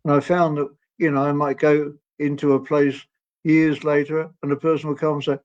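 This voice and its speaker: Man in his 80s, guest storyteller, higher pitch, meandering and genial, dull lo-fi sound. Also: flat delivery, moderate pace. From England. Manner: gentle, rambling, laughs often. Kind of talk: storytelling interview. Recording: dull lo-fi audio.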